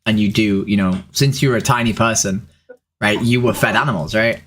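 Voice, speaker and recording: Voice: mid-range voice, brisk, fairly bright tone, husky. An adult in their thirties, a vegan activist streamer, joking and swearing casually before asking strangers earnest, persuasive questions on a video chat. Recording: noisy webcam audio.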